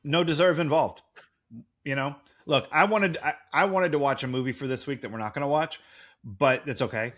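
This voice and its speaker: A man's voice: on the high side, normal speed, fairly bright tone. A man in his forties co-hosting a podcast in casual chat, rambling and jokey. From United States. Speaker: podcast co-host.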